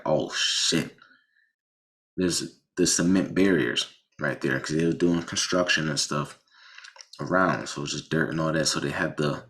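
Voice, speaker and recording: In an animated, casual telling of his own car accident, a bass-voiced man frequently restarts his sentences and swears bluntly.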